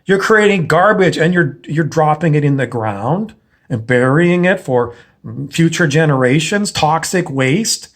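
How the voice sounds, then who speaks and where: A man's voice: on the high side, lively intonation, unhurried. A man giving a blunt, profane, lecturing monologue in a confrontational style. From Canada. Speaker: self-help speaker.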